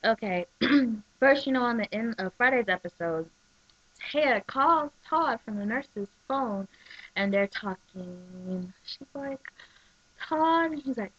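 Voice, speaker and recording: Excitable woman rambling into a webcam, lots of like and um, kinda muffled lo-fi sound. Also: fairly high pitch, slow, slightly rough. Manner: chatty and excitable, full of "like" and "um". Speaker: soap opera recap vlogger. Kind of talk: casual chat. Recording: dull lo-fi webcam audio.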